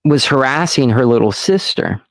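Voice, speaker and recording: A man hosting a casual podcast who tells stories slowly and rambles, swearing freely, recorded close and dry. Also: mid-range voice, lively intonation, no echo. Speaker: podcast host.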